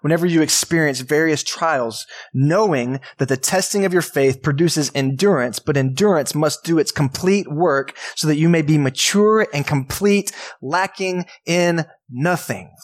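Pastor, male, conversational sermon delivery in church, voice a little high for a man. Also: unhurried, few pauses. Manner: casual, conversational preaching with audience questions.

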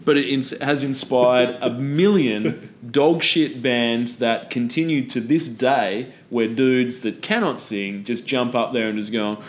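A man's voice: medium pitch, a little slow, few pauses. A man in casual podcast chat, talking bluntly and with plenty of swearing. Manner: blunt, profane, opinionated.

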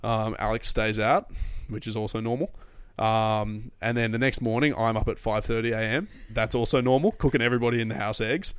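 A young man, co-hosting a podcast in a relaxed, joking way and laughing often. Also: lowish voice, a little fast, few pauses, clear, resonant tone, dry recording. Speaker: podcast co-host. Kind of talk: casual chat.

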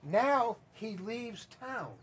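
A man preaching a sermon as pastor, telling a story in an animated way and acting out the voices of the people in it. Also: very high-pitched, very slow, husky. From Southern US. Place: church sanctuary.

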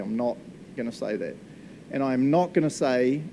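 A man preaches in a relaxed, conversational way, cracking small jokes and laughing at them. His voice sits in an ordinary middle pitch. A faint low rumble runs underneath the recording. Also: normal speed. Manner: chatty, jokey, laughs often, asks the room "eh?". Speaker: pastor. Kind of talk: casual sermon.

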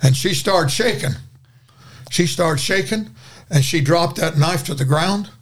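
Older preacher telling a folksy story. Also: male voice, fairly high pitch, a little slow. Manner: folksy, dramatic storytelling with restarts. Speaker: guest preacher. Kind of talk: storytelling in a podcast conversation.

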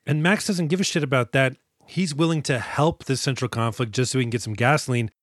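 A man's voice: mid-range voice, brisk, no echo, studio quality. A man co-hosting a movie podcast, recapping scenes in a casual, profane, wry way with mocking asides. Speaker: podcast co-host.

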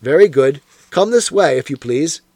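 A man voicing a blunt, joking police inspector with a hearty, gruff manner. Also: fairly high pitch, lively intonation, normal speed, darkish tone, no room sound. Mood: brusque.

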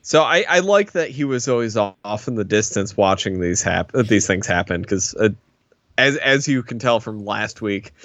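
A man's voice: lowish voice, animated, normal speed, fairly bright tone, no echo. A man cohosting a movie podcast, enthusiastic and stammering through restarts as he talks. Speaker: podcast co-host. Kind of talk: casual movie discussion.

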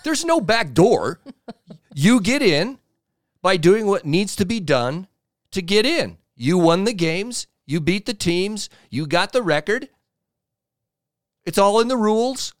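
A man's voice: high-pitched, animated, unhurried, no room sound, clean studio sound. A man co-hosting a casual sports talk show, reading listener comments aloud and bluntly joking about them.

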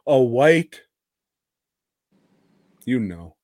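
Slow-talking crude man on a podcast. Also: medium pitch, darkish tone, no room sound, studio quality. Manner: crude, rambling, teasing. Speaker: podcast co-host. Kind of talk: casual chat.

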